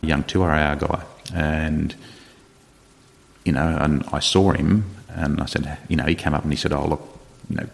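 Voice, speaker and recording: Man, middle-aged, very deep, gravelly, laid-back storyteller, long room reverb. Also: normal speed. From Australia. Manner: relaxed storyteller, retells dialogue, light laughs. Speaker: guest, retired special forces sergeant major. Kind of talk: casual podcast conversation.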